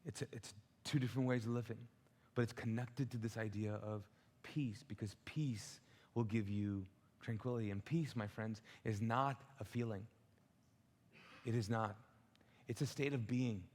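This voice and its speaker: A man preaching a sermon as a pastor, animated and humorous, asking the congregation to call out answers. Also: fairly low pitch, normal speed. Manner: tells humorous stories with acted-out quotes. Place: church auditorium. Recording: long hall reverb.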